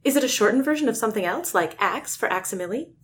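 A woman voicing a scheming male alien who poses as a man, reading him from a novel with a forceful, threatening manner. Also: a little high, expressive, quick pace, slight background noise. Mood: menacing. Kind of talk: reading a novel aloud with voices.

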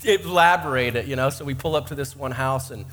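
A man's voice: mid-range voice, a little fast, fairly bright tone. A man in his forties, a pastor giving a sermon in church, telling self-mocking, joking stories.

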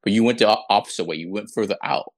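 A man's voice: on the low side, rapid-fire. A man co-hosting a casual podcast, teasing his friends and cracking jokes. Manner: teasing, jokey, lively. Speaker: podcast co-host. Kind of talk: casual banter.

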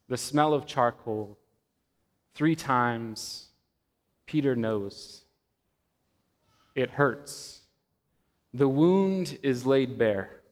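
A man preaching a sermon to a church congregation, slow and measured, with dramatic pauses and swelling emphasis. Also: mid-range voice. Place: church sanctuary. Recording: long reverb of a church hall.

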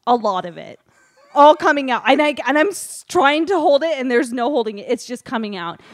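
Woman guest recounting a mishap, animated, laughs often, dry sound. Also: sits high, fairly quick, no echo. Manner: laughing often, animated retelling with quoted dialogue. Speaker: storyteller. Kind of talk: casual storytelling.

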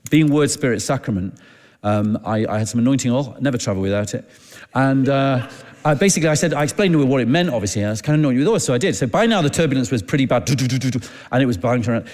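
A man preaching, telling a personal story in a chatty, halting way and acting out the dialogue. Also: mid-range voice, lively intonation, darkish tone. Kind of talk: anecdotal sermon storytelling. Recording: long hall reverb.

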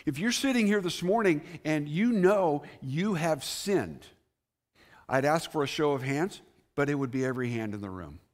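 A pastor preaching to his congregation, a man with a fairly high voice. He talks earnestly, lifting his voice on key words and then letting it drop soft and low. He is speaking in a church sanctuary. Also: lively intonation, moderate pace. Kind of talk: sermon.

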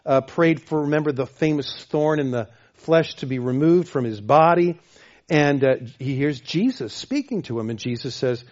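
A man preaching a sermon as pastor, emphatic, repeating phrases and swinging between loud and soft. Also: mid-range voice, dull audio. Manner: emphatic, repeats phrases, varies loudness widely.

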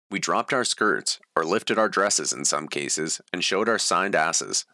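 A man's voice: sits low, measured pace, hardly any pauses, pushed and bright, no echo, studio quality. A man reading his own story aloud in a plain, matter-of-fact way. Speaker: memoir reader.

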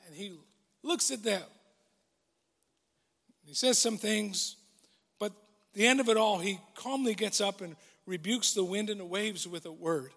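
A man preaching a sermon earnestly, moving between quiet reflection and emphatic, building declarations. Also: extremely high pitch, big-room sound. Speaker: pastor.

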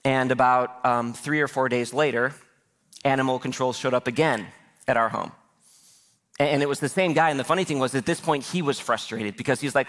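A man's voice: mid-range voice, fairly quick, a bit bright. A man, the pastor, telling a personal story during a church sermon, quoting the people in it himself. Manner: anecdotal, quotes others in his own voice.

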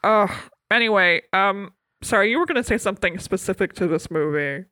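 A woman co-hosts a podcast in easy, casual chat. She is playful and teasing, bursting out loudly and then dropping to hushed asides, in a middle-pitched voice. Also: animated, fairly quick, no echo. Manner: playful, teasing, jumps between loud outbursts and hushed asides. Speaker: podcast co-host.

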